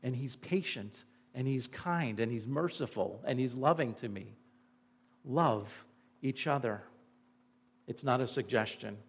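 A man's voice: mid-range voice, unhurried, slightly rough. Earnest man preaching a sermon. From Indiana. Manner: earnest, emphatic preaching with rhetorical questions. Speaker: pastor.

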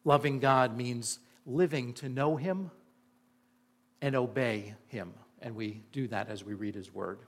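In an unhurried, medium-pitched voice, an Indiana pastor delivers a sermon, emphatic and earnest, and poses rhetorical questions to the congregation.

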